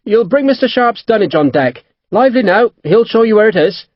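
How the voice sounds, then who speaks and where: A man reading a brisk Devon naval captain who talks fast and urgently, barking orders and brushing people aside. The voice leaps up and down, a bit husky, in a dull, dry studio read. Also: on the high side, very animated, dry recording. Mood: commanding. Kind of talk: audiobook character voice.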